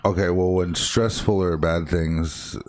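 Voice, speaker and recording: Deep-voiced laid-back male co-host. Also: steady tone, measured pace, no echo. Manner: laid-back, rambling, self-deprecating. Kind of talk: casual chat.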